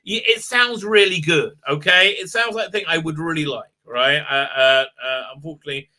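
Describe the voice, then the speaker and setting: A middle-aged man chatting on a live stream, rambling from one comment to the next with plenty of ums and laughs. His voice is very bright and a little high for a man, and it jumps up when he gets excited. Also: fairly quick. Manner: excitable, rambling, laughs often, many fillers. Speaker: livestream host reading chat. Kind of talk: casual live chat.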